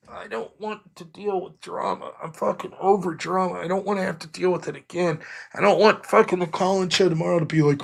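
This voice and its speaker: A man's voice: high-pitched, a little fast, vocal fry. A man hosting a livestream, venting in a casual, exasperated way with plenty of swearing and reading out viewer donations. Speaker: livestream show host.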